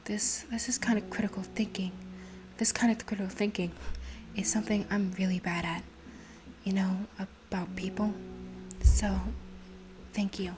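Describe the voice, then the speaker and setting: A shy, anxious young woman, as a woman puts her on in whispered role-play, hushed and hesitant. Her voice sits a little high and comes out barely above a breath. Faint game music plays underneath. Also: steady tone, moderate pace, lightly acted. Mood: timid, whispered.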